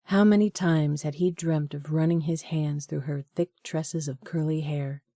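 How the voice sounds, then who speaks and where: In scripted narration of a romance audiobook, a low-voiced woman reads at a steady, measured pace. The studio-quality sound carries no room ambience.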